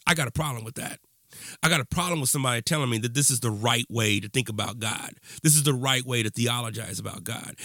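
Impassioned podcast host, bright and dry. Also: male voice, medium pitch, expressive, brisk, no echo. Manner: impassioned, ranting, conversational with fillers. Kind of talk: monologue podcast intro.

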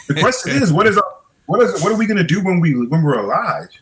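A man's voice: high voice, big pitch swings, fairly quick, low-quality recording. A middle-aged man, a podcast guest, talking reflectively in a casual conversation and often repeating words as he thinks.

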